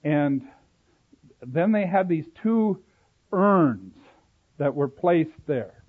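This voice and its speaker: A man's voice: fairly high pitch, animated, extremely slow. A man teaching a Bible study lecture, explaining at length, drifting into side notes and correcting himself as he goes. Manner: explanatory, digressive, self-correcting. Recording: tinny phone-like sound.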